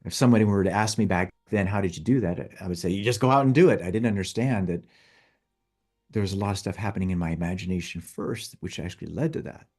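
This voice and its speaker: Earnest man with a husky, low voice. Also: quick pace, darkish tone. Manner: earnest, storytelling, addresses listener directly. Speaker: coach. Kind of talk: motivational talk.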